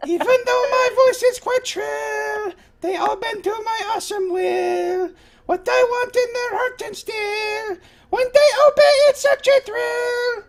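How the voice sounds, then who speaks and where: A man voicing a giant mutated male kobold, brash and bullying, in a shrill, high, shouting voice. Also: animated, measured pace, soft background music, exaggerated voice. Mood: sing-song. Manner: loud shouting threats, high squawking.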